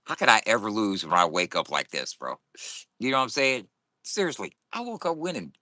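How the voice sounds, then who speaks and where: A man's voice: on the low side, big pitch swings, fairly quick, pushed and bright, no echo. A man talking casually to camera in a morning vlog, boisterous and profane and laughing often. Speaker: vlogger.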